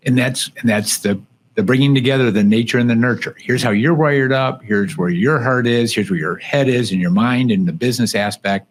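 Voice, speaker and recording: A man's voice: mid-range voice, brisk. A man hosting an interview podcast, reflecting thoughtfully and often adding "right?" as an aside. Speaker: podcast host.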